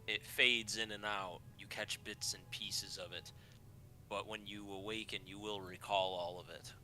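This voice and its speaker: A man narrating a tabletop game as game master, halting and full of filler sounds. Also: lowish voice, steady tone, bright, forceful tone, soft background music.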